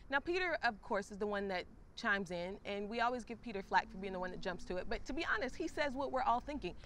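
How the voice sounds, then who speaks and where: A woman's voice: medium pitch, expressive, quick pace, fairly bright tone, a little hiss or hum. A woman hosting a faith talk series, casually retelling a scripture story and speaking straight to her listeners. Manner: conversational, retells scripture with acted-out asides.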